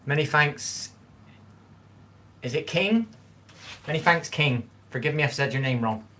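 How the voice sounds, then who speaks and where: A man's voice: fairly high pitch, animated, unhurried, pushed and bright, slight background noise. A man chatting casually with viewers while cooking on a livestream, rambling and repeating himself as he reads the chat. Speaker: livestream host reading chat.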